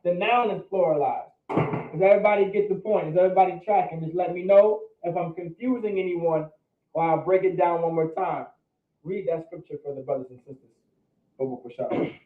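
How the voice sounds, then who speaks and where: Distant teacher's voice in a roomy hall. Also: male voice, high voice, fairly quick, narrow, tinny audio. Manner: patient, checks understanding with repeated questions. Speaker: Hebrew class teacher. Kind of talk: classroom teaching.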